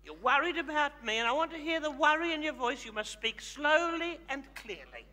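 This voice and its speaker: A man's voice: expressive, brisk, heavily acted. A man playing a brash, self-adoring older woman diva with an Australian accent, doing live stage comedy. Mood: bossy. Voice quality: high, bright and theatrical. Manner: bossy, fussing and self-adoring. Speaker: comedy host. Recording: live theatre with hall reverb.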